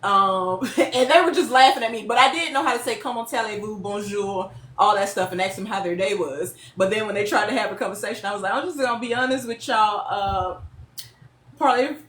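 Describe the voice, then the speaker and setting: A woman, telling stories as a guest in a casual interview, lively and quick to laugh. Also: mid-range voice, a little hiss or hum. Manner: lively, laughing, chatty storyteller. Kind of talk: casual storytelling. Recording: echoey room with faint ambience.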